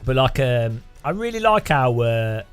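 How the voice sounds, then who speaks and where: A man's voice: medium pitch, big pitch swings, unhurried, clear, resonant tone. A man streaming a racing game in casual, rambling chat with a faint music bed behind. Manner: rambling, chatty, laughs often, hums and imitates sounds.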